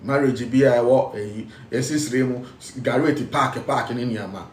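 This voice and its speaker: A man's voice: medium pitch, unhurried, hardly any pauses, reverberant, distant mic. A man with a Ghanaian accent, speaking as a spiritual teacher, emphatic and repetitive, switching between English and local phrases. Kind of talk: preaching talk.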